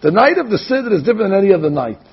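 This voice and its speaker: A man giving an animated sermon as a rabbi, telling stories and acting out the quotes. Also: sits high, rapid-fire, breathy edge, lo-fi sound. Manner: animated storytelling, acts out quotes.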